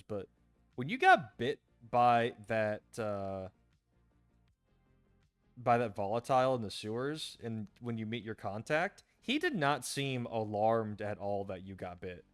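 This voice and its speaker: A man's voice: mid-range voice, no room sound. A man co-hosting a gaming podcast in casual chat, rambling and hedging with the odd swear.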